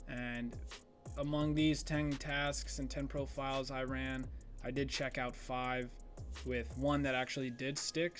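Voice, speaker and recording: A young man narrating his own screen recordings in a relaxed, chatty voiceover, often pausing on ums. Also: mid-range voice. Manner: relaxed, conversational, with frequent ums. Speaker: sneaker botting YouTuber.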